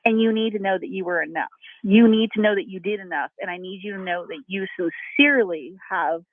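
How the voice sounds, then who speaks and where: A woman's voice: mid-range voice, brisk. A woman giving a spiritual reading on a radio show, gushing, emotional and rambling. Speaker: spiritual reader on a call-in segment. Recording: tinny phone line, dry.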